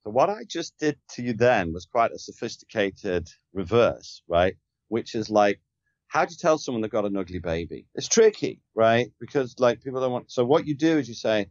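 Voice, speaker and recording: A man's voice: mid-range voice, big pitch swings, moderate pace, darkish tone, no room sound, lo-fi sound. Emphatic man coaching on sales. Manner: emphatic, asks rhetorical questions. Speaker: sales trainer, podcast guest. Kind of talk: conversational coaching.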